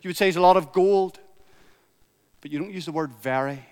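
High-voiced man preaching in a reverberant church. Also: fairly quick, a little mellow, clear, resonant tone. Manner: emphatic, builds with repetition. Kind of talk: sermon.

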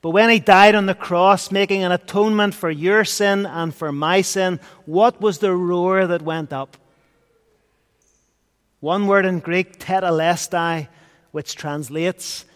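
A man preaching a sermon, earnest, swinging between loud and hushed. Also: high voice, steady tone, a little slow. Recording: long hall reverb.

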